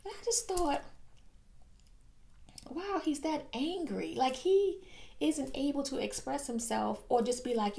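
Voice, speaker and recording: A woman hosting her own vlog, telling a personal story in an expressive, exaggerating way and laughing often. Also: high voice, normal speed, creaky. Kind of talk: animated storytelling.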